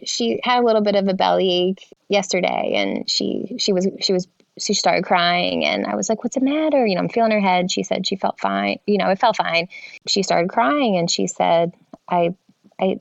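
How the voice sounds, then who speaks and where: A woman in her thirties, a healthcare worker and mother, talking casually with halting restarts and light laughs. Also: medium pitch, gravelly, dry recording, highs cut off. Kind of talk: casual conversation.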